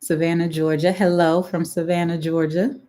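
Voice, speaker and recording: Middle-aged Texan woman, deep for a woman, casual live-stream astrologer who keeps asking "right?". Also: little pitch movement, normal speed, dark tone. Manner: chatty, checks in with "right?" and "okay?".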